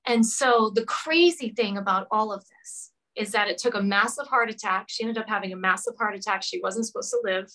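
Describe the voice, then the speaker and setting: Bright-voiced woman telling a heartfelt story. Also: medium pitch, a little fast, few pauses, low-quality recording. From Rhode Island. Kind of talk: emotional personal story in interview.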